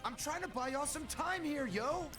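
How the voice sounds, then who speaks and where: An actor playing a brash, tough young street punk who talks slangy and cocky, heard in game audio from a distance over music. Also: male voice, very high-pitched, expressive, moderate pace, a bit bright. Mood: urgent. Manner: slangy, cocky, says yo and y'all.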